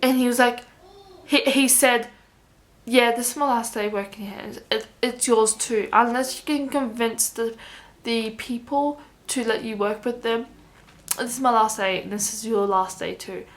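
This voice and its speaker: A young woman with a somewhat high voice tells a personal story straight to camera. She rambles, restarts her sentences and acts out both sides of a conversation. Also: fairly even intonation, measured pace. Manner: rambling, with many restarts and quoted dialogue. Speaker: vlogger.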